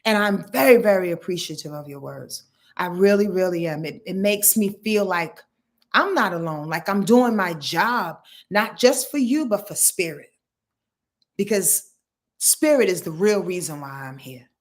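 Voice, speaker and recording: On a casual live stream, a woman astrologer talks in an animated, emphatic way, often repeating words while searching for them. Her voice is on the low side and unhurried, and she's frank and salty, swearing in passing.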